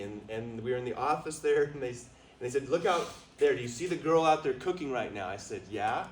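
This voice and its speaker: A man's voice: mid-range voice, fairly quick, far from the mic, slight background noise. Male motivational speaker, storytelling, calls for audience answers, room echo. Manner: lively, asks the audience to call out answers. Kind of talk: storytelling talk to a live audience. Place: retreat meeting room with a small audience.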